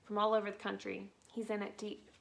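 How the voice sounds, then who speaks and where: A woman voicing a gentle, kindly woman schoolteacher in a storybook reading, soft and reassuring. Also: mid-range voice, completely flat delivery, fairly quick, creaky. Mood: gentle, concerned.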